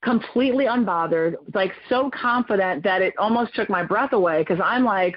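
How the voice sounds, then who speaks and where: A woman in her forties, a podcast guest, telling a personal story in an animated, expressive way and jumping up in pitch as she acts out quotes. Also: moderate pace, no room sound. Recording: dull lo-fi recording.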